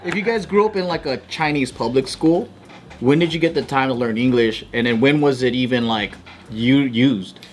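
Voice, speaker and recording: A man's voice: medium pitch, moderate pace. A man from the United States, a podcast host who jokes and mocks himself in casual chat. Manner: joking, self-mocking.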